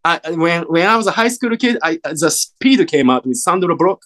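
Japanese-accented male guest, forties, expressive storyteller with a wide pitch swing. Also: moderate pace. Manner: animated storyteller, acts out quoted voices, many fillers. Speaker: actor guest. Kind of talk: casual interview chat.

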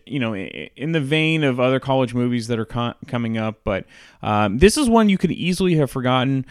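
A man hosting a casual countdown of comedy movies, chatty and relaxed, with frequent fillers. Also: mid-range voice, clean tone, dry recording, clean studio sound. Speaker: host.

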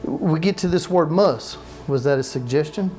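Higher-voiced man preaching conversationally. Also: normal speed, mellow, soft background music. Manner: conversational preaching, asks the congregation questions; repeats phrases for emphasis, joking asides. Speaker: pastor. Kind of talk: sermon. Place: church sanctuary with live congregation.

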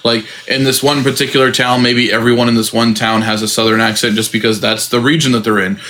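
A man's voice: medium pitch, quick pace, slight background noise. A man who runs his own tabletop campaign, talking casually on a podcast with frequent fillers and laughter. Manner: relaxed, laughs often, many fillers. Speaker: game master and podcast co-host. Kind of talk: casual podcast chat about tabletop games.

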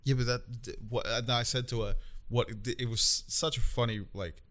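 A man in casual chat, blunt, swearing freely and laughing loudly. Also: medium pitch, steady tone, normal speed.

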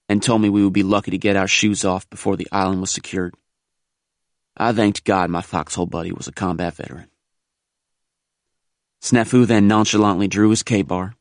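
Low-voiced man narrating gravely. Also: no echo, clean studio sound. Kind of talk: scripted audiobook narration.

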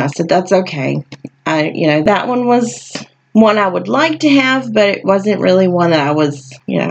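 A woman's voice: lowish voice, highs cut off, a little hiss or hum. Tired, groggy woman podcast host. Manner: chatty, laughs often, frank. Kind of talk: casual solo podcast talk.

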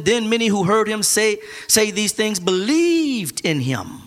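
A man preaching a sermon, building from quiet reading to shouted, drawn-out emphasis. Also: sits high, big pitch swings. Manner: rising to shouted call-and-response cadence, drawn-out emphasis.

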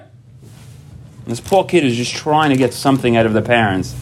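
A man who is a parent gives a personal talk at a recovery workshop. He tells stories with lively energy, acts out quoted dialogue, and often repeats himself and restarts sentences. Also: mid-range voice, moderate pace. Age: adult parent. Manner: animated storytelling, acting out quoted dialogue; frequent repetitions and restarts.

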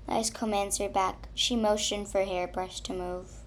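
A woman reading a children's story aloud in a slow, expressive way. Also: mid-range voice, a little hiss or hum. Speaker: narrator.

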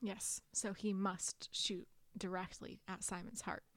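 A young woman co-hosting a podcast, calmly filling in plot details in casual chat about a book. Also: medium pitch, measured pace, dry recording. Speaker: podcast co-host.

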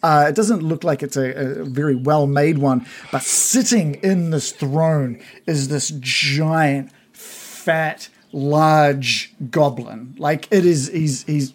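Male game master, casual rambling scene narration, slightly high voice. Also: slow pace, hardly any pauses. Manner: rambling descriptive narration with fillers.

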